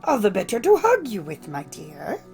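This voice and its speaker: A woman voicing a sly, hungry male wolf in a storybook, speaking low and hushed. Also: wildly swooping pitch, normal speed, soft background music.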